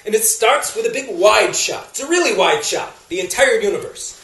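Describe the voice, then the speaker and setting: A comic stage performer tells a rambling, animated story live. The voice has an ordinary middle pitch and sounds echoey. It comes from far off in a theater. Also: normal speed.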